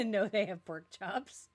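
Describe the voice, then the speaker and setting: A woman's voice: medium pitch, lively intonation, takes it slowly, breathy edge, soft background music. A woman streamer chatting casually on a headset, bubbly and giggly. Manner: bubbly and giggly, self-deprecating. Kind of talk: casual live-stream chat.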